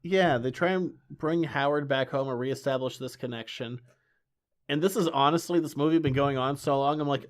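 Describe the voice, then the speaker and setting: A man's voice: medium pitch, brisk. A man co-hosting a podcast, chatting casually and jokingly while reviewing a movie, laughing often. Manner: jokey, animated, laughs often. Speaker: podcast co-host. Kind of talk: casual comic review chat.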